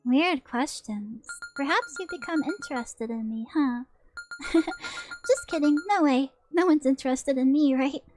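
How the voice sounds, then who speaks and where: A woman voicing an odd, childlike young woman who is a murder suspect, talking in a soft, halting, naive way. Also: high-pitched. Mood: musing. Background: background music.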